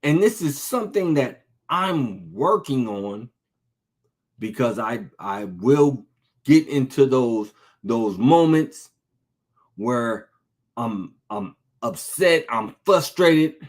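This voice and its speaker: A man's voice: mid-range voice, expressive, slow pace. A man preaching an informal sermon, talking conversationally, repeating phrases for emphasis and asking rhetorical questions.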